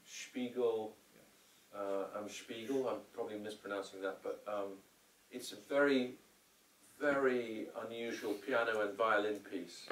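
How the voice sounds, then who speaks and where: In a cinema screening room after a showing, a male director fields questions from the audience in a mid-range voice, with a little hiss or hum on the recording. His answers wander, full of hesitations and false starts, and he animatedly performs the quotes he tells. The hall is roomy, the mic distant, the ambience faint.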